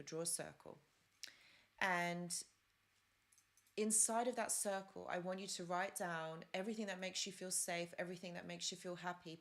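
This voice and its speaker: Woman, live-stream host, lowish voice, chatty advice with rambling asides. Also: a bit bright. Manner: chatty, rambling, with fillers and side stories.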